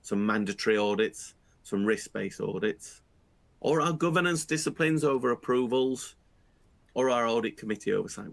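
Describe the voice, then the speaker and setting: Guy, low-ish gravelly voice, measured webinar explainer, lots of ums and restarts. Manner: measured, with frequent restarts and fillers. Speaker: internal audit speaker.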